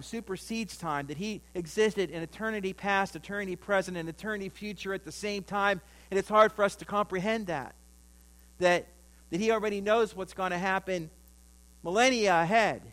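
A pastor preaching a sermon, telling a story and acting out the voices in it. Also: male voice, high-pitched, fairly bright tone, low-quality recording.

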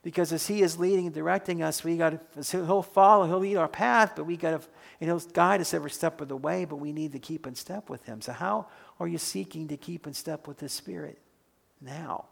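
A man delivering a sermon in an earnest, reflective way, asking the listeners questions to ponder. His voice sits a little high for a man and has a gravelly edge. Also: brisk. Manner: earnest, posing reflective questions and leading prayer. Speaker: pastor.

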